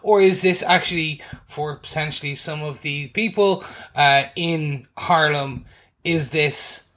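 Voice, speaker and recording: A man's voice: fairly high pitch, unhurried, a bit bright. A man co-hosting a podcast, asking curious questions and restarting his sentences as he talks. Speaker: podcast co-host. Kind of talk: casual review chat.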